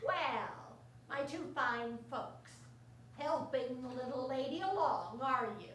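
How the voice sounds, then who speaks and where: Cast a high, bright-voiced cackling witch with a swooping, slow menace; stage radio play. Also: lively intonation, distant mic, heavily acted. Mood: menacing. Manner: cackles, drawn-out taunting speech. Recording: echoey theater stage, mic from afar.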